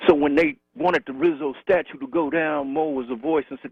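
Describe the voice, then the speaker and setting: A man's voice: on the high side, fairly even intonation, a little fast, slightly rough, no room sound. A man calling in to a talk show, remembering a friend in rhythmic, repetitive storytelling. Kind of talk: call-in tribute remembrance. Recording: tinny phone line.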